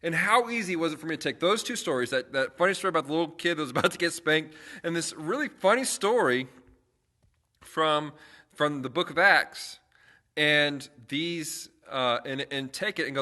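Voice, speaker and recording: A man's voice: fairly high pitch, expressive, normal speed, bright, forceful tone. A young man, a youth pastor, chatting casually on a livestream and telling stories with lots of fillers and restarts.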